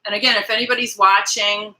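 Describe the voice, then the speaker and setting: A woman's voice: mid-range voice, fairly even intonation, fast talker, pushed and bright, poor audio. A woman hosting a casual livestream, talking straight to her viewers in a rambling, emphatic way and greeting people in the chat. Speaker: livestream host.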